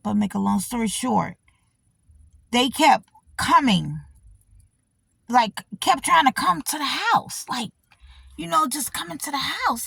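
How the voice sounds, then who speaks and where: A woman's voice: sits high, takes it slowly, creaky, long pauses, slightly rough, no room sound, clean studio sound. A middle-aged woman hosting her own channel, telling a personal story in casual, blunt, profane talk, often checking in with her audience. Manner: animated, talks back to the audience, repeats herself. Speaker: channel host.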